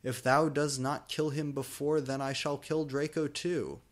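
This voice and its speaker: Man doing a raspy, menacing Darth Vader. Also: on the high side, flat delivery, unhurried, voice pushed up, natural voice. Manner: archaic, threatening speech. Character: menacing evil male space villain lord.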